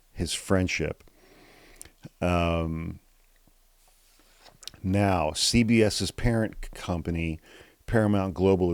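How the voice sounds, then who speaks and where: A man hosting a podcast of political commentary, swearing freely and reading quotes aloud in a flat, calm tone. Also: low voice, dry recording, studio quality. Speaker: podcast host.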